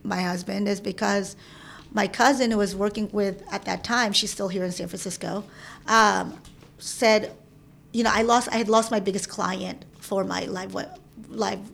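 A woman in her thirties telling a personal story in casual chat, animated, acting out the voices of people she quotes. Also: medium pitch, normal speed, vocal fry, slight background noise. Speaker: interview guest. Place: San Francisco.

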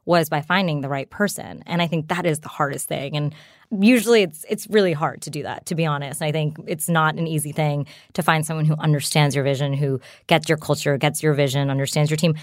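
A low-pitched woman in her thirties talks as a guest on an interview show, loose and conversational, peppering her sentences with "like" and "you know". The studio sound is close and dry. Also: fairly even intonation, brisk, no echo. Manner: chatty, frequent "like" and "you know" fillers, laughs often. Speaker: startup founder, guest. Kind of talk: casual interview chat.

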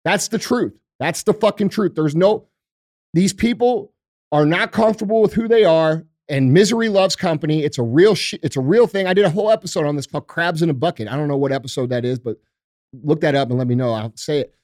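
This podcast host has a fairly high, darkish voice and a brisk delivery, recorded at studio quality with no room sound. His casual chat turns into a blunt, profane, emphatic rant driven by motivational conviction.

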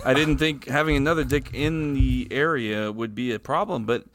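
A podcast co-host rambles and jokes through a casual chat, laughing often. His mid-range voice moves at a moderate pace with a fairly bright tone, recorded in a clean studio with no room sound.

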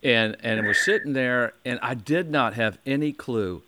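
A Midwestern American man with a medium-pitched voice hosts a podcast, speaking at a measured pace over a very noisy recording. In casual chat he spins a long story as an animated storyteller, acting out other people's quotes and restarting often.

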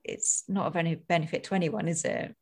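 A woman's voice: deep voice, fairly even intonation, brisk, darkish tone, slightly rough. Thoughtful, chatty woman host. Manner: thoughtful, rambling, many "like" and "you know". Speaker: podcast host. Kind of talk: conversational interview.

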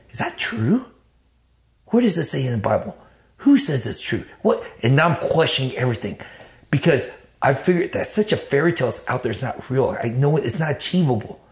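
A Texan man with a mid-range voice tells his life story in casual, animated talk laced with cursing, acting out the thoughts he had back then.

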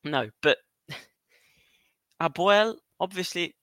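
A man co-hosting a casual football podcast, animated and laughing often as he reads a document aloud. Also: high voice, slow pace, no room sound. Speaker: podcast co-host.

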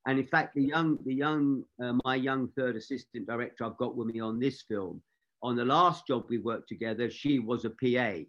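A man's voice: medium pitch, moderate pace, a bit bright. An older man from England recalls his years on film sets, wandering through stories and doubling back on his own words. His voice sits mid-range for a man. The recording is dull and lo-fi. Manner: rambling anecdotal, frequent restarts. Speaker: film assistant director. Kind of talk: career interview storytelling.

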